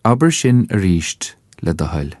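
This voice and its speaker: A man with an Irish accent narrating a scripted language lesson, saying each phrase slowly and carefully so listeners can repeat it. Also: sits low, sing-song, darkish tone, no echo, clean studio sound. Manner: slow, careful enunciation for repetition. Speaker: language teacher.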